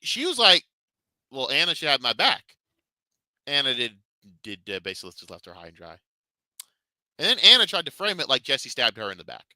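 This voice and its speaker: Ranting man with a bright, lively voice. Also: medium pitch, quick pace, no echo. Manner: heated, ranting, mocking. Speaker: podcast host. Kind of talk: profane commentary chat.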